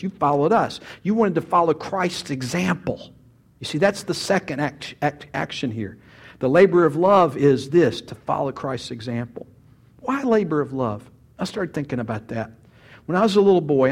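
A man delivering a sermon in a folksy, storytelling way, often doubling back on his words. His voice sits a little high for a man. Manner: folksy storytelling preacher with frequent restarts. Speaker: pastor.

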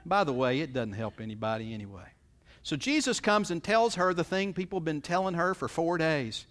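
With lively intonation and a fairly quick pace, a pastor delivers a folksy, conversational sermon. He often acts out what others say, letting his pitch and loudness swing.

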